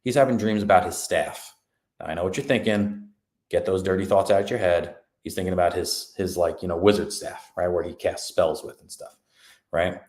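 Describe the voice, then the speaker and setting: Low-voiced guy rambling through a show recap, roomy echo. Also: normal speed, a little mellow. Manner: rambling, forgetful, laid-back. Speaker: podcast host. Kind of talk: casual episode recap. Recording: echoey room.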